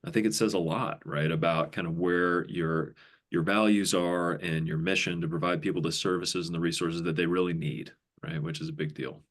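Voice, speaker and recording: A man's voice: low voice, steady tone, moderate pace. A man acting as co-host who responds to a guest in a conversational, affirming way.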